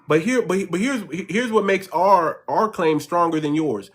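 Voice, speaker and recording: A man's voice: high-pitched, measured pace, fairly bright tone. A man hosting a livestream and talking straight to his viewers, calling them family. He is emphatic and preachy, and he hammers his points home by repeating them. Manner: emphatic and repetitive, preaching to the audience; addresses listeners as family. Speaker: channel host. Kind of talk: livestream commentary.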